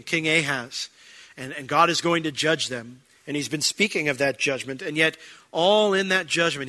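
A man preaching a sermon as pastor, explaining scripture in a conversational, animated way and acting out quick asides. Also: fairly high pitch.

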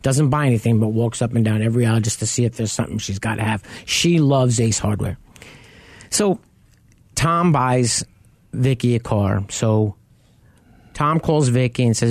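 A man's voice: medium pitch, normal speed, no echo. Guy co-hosting a car talk show, tells stories, dry studio sound. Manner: storytelling, acts out quoted people. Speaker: co-host. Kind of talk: casual radio talk show chat.

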